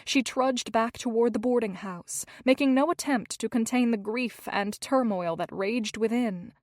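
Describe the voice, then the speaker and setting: A woman narrating a historical romance audiobook in a measured, expressive reading. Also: a little high, no room sound, studio quality. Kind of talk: scripted narration.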